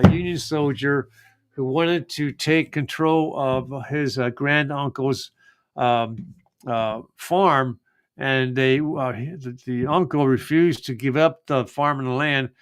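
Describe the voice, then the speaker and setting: A middle-aged American man with a medium-pitched, clear, resonant voice hosts a live genealogy show. His casual livestream chat rambles, full of fillers and restarts.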